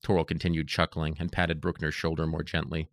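A man narrating an audiobook in a steady, even reading voice. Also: a bass voice, brisk, no echo, clean studio sound.

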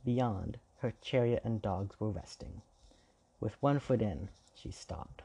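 Gravelly, low-voiced male storyteller. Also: expressive, slow, dark tone. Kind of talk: scripted fairy-tale narration.

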